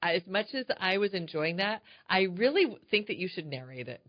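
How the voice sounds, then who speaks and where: An older woman co-hosting a casual chat show, talking in a chatty, animated way. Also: on the low side, fairly quick, dry recording. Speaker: co-host. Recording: dry, dull lo-fi sound.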